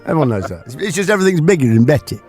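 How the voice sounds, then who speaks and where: A man hosting a radio show, quick and jokey, laughing often through the banter. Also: on the high side, sing-song, darkish tone, husky, soft background music. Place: radio studio.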